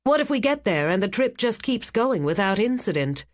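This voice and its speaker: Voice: medium pitch, very animated, moderate pace, pitched above the performer's own voice, close to an everyday voice. A narrator voicing a young female journalist who asks direct, probing questions.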